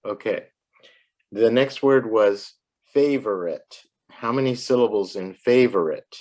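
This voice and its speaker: A woman gives a one-on-one pronunciation lesson, her voice sitting very low. She speaks slowly and patiently, repeating each word clearly and asking for it back. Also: a little mellow. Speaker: English tutor.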